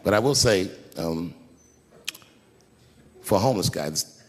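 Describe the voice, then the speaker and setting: A middle-aged man doing a stand-up routine, telling stories animatedly and shouting punchlines. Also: sits low, lively intonation, unhurried. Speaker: stand-up comedian. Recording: live hall reverb, faint background noise.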